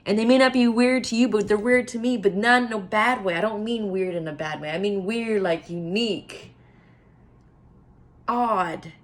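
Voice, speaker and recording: Speaking at a normal pace in a mid-range voice, this middle-aged woman, a self-help vlogger, delivers an earnest, heartfelt motivational monologue. She repeats phrases to stress them and at times sinks into a soft whisper.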